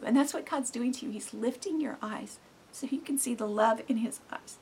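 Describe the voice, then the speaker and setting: A woman giving earnest, heartfelt devotional Bible teaching, dropping to soft near-whispers and rising to loud, emphatic bursts. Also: on the high side, moderate pace, a little hiss or hum.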